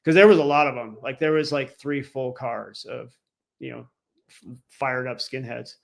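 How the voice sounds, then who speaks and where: A man guesting on a podcast tells a story in loose casual chat. He rambles and packs it with fillers. His voice has a gravelly, creaky edge. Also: mid-range voice, normal speed.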